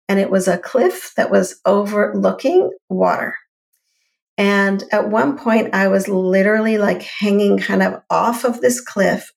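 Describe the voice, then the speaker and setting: A middle-aged woman co-hosting a podcast, telling a personal story in an animated, conversational way. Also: medium pitch, vocal fry. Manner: animated, lively storyteller with quick affirmations. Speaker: podcast co-host.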